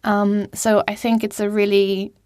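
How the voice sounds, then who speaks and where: Casual self-mocking woman host, young, dry close mic, mid pitch. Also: level tone, measured pace, darkish tone, no room sound. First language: German. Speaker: podcast host. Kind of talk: solo podcast monologue. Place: small cupboard at home. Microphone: studio microphone.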